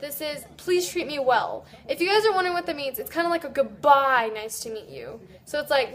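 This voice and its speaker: A woman giving a casual video lesson on Japanese, chatty and loose, slowly sounding out words syllable by syllable. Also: sits high, expressive. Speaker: Japanese language teacher.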